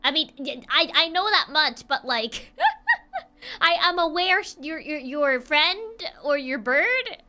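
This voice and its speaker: A woman's voice: high-pitched, expressive, takes it slowly, sharp tone. A young woman streaming a story game, with playful, teasing commentary that is full of giggles and stumbling restarts. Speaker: gaming streamer.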